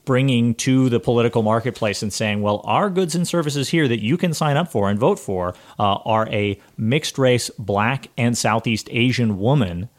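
A man's voice: medium pitch, animated, moderate pace, hardly any pauses. A man co-hosting a political talk show, sarcastic and argumentative in his rebuttals. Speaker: co-host.

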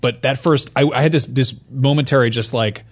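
A man in a relaxed group chat about video games, his voice sitting at an ordinary middle pitch. He rambles with fillers and restarts, now and then jumping into goofy high voices to act out characters. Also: fairly quick, husky. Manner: animated, jumps into high silly voices for impressions. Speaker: podcast co-host.

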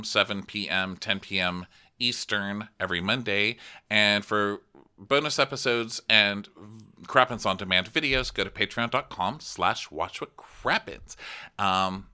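A man co-hosting a comedic reality TV recap podcast, campy and animated. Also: fairly low pitch, clear, resonant tone. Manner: campy, animated, acts out cast members' lines. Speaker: podcast co-host.

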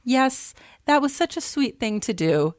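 A woman's voice: high-pitched, big pitch swings, measured pace, no echo, studio quality. Amused woman podcast co-host. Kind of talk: casual podcast chat.

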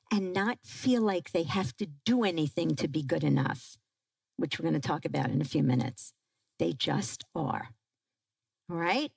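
Woman, parenting talk, animated, audience questions, unhurried, dry sound. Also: medium pitch, dry recording, poor audio. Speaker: parenting speaker.

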